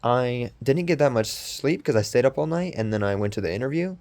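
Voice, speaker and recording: A man's voice: mid-range voice, lively intonation, brisk, a little mellow. A young man hosting a podcast, rambling casually with lots of ums and restarts, in a voice that sounds sarcastic. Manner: meandering, with many ums and restarts. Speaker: podcast host.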